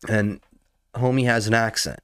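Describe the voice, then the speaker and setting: A man's voice: on the low side, steady tone, normal speed, fairly bright tone, clear, resonant tone, no echo, studio quality. A young man casually telling a rambling, profane story as a podcast host, full of slang and building into outrage.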